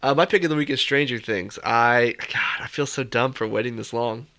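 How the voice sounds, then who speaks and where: A man's voice: mid-range voice, fairly quick, bright, forceful tone. A man co-hosting a podcast, chatting casually, teasing and laughing easily. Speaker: podcast co-host. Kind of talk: casual chat.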